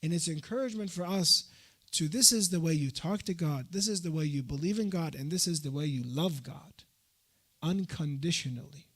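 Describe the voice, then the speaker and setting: A man's voice: a little high, moderate pace. Emotive preaching man in a mosque. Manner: switches between English and recited Arabic, emotive, addresses the congregation directly. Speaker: sheikh giving a religious talk. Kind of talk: sermon commentary on a prayer.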